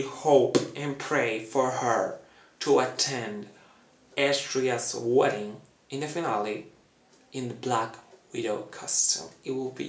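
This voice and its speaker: A man talking through a fan theory in a chatty, dramatic way, acting out quotes in a high voice. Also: unhurried, reverberant. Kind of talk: casual fan theory talk.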